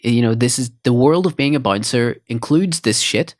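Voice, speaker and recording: A man's voice: mid-range voice, moderate pace, no echo, studio quality. A man co-hosting a podcast, chatting casually and acting out movie lines in a raised voice. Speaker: podcast co-host. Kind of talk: casual chat.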